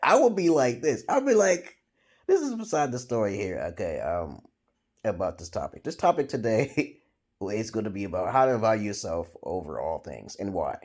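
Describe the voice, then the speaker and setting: A man from Brooklyn delivering a comedic rambling monologue, profane and giggly, jumping into loud high squeals. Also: big pitch swings, normal speed, slightly rough. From Brooklyn, New York, USA. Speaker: vlogger.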